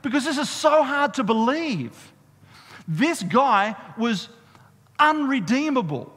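Animated high-voiced man preaching a sermon. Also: slow. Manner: animated, conversational preaching with audience call-and-response. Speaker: pastor. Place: church hall. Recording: long reverb of a church hall.

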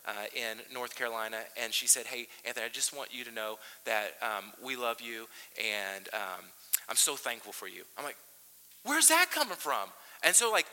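A man in his thirties, a pastor, preaching a sermon and telling stories with lots of restarts. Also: mid-range voice. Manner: animated storytelling with frequent restarts. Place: large church hall. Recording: long reverb of a church hall.

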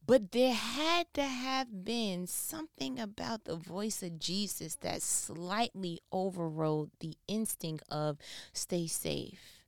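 A woman giving casual devotional Bible teaching, telling the stories in an animated, slangy way and acting out the people in them. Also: mid-range voice, takes it slowly, dry recording, studio quality. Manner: animated storytelling, slangy, acts out voices.

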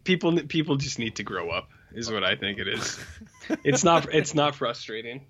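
Man, deadpan, dry jokes, bright tone, slightly muffled recording. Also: mid-range voice, moderate pace. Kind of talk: casual chat. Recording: slightly dull audio.

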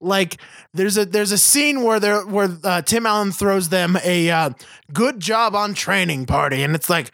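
A podcast co-host rants on a video call, swearing and slipping into mocking voices. His voice sits high and sounds bright, with a gravelly fry and a dry, close sound. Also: unhurried, dry recording. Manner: ranting, profane, mocking voices. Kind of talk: casual chat.

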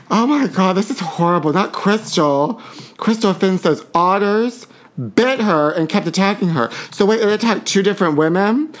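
A man hosting a podcast, reading celebrity gossip aloud with sassy asides. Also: high voice. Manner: reads tabloid items aloud with sassy asides and giggles. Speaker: podcast host. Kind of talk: campy gossip commentary.

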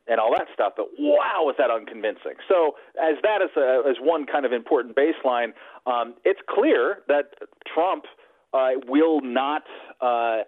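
A man's voice: mid-range voice, dry recording. Wry man on a phone line. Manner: wry, digressive, many fillers. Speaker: radio show guest. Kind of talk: casual political radio chat. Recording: dry, phone-like narrow line.

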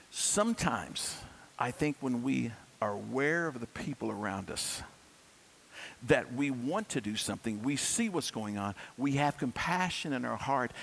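Gravelly-voiced male pastor preaching. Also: medium pitch, fairly bright tone, a little hiss or hum, poor audio. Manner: candid, conversational storytelling with rhetorical questions. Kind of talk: sermon.

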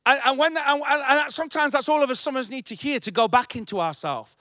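A man's voice: extremely high pitch, fast talker, sharp tone, no echo, studio quality. A male pastor preaching a sermon, emphatic and repetitive.

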